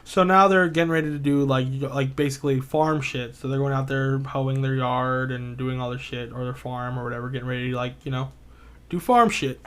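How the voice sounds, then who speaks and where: A man talking casually on a podcast, retelling a story in a loose, rambling way. He swears often and leans on filler words. His pitch stays fairly flat throughout. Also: brisk, clean tone. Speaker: podcast co-host. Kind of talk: casual chat.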